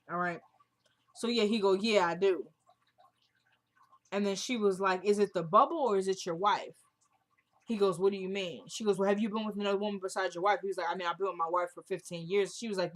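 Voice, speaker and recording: Chatty woman retelling a TV episode. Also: mid-range voice. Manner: retells scenes with "he goes, she goes"; chatty and opinionated, talks straight to viewers. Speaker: TV episode recapper. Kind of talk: casual recap vlog.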